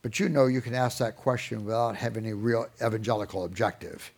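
A middle-aged man speaks fast at medium pitch, giving a sermon-style talk on Christian parenting. He's an animated storyteller who acts out the voices of parents and children.

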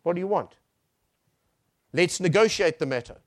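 A man voicing a large, cunning male bear in a sermon story, speaking in a soft, soothing voice. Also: sits high, expressive, normal speed, voice pushed up. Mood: coaxing.

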